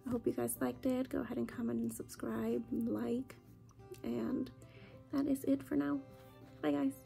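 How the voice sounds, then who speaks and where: A young woman vlogger chats casually to the camera at home after a family visit, with soft music in the background. Her voice sits on the high side, warm with vocal fry, flat in delivery at normal speed, and she says "like" often.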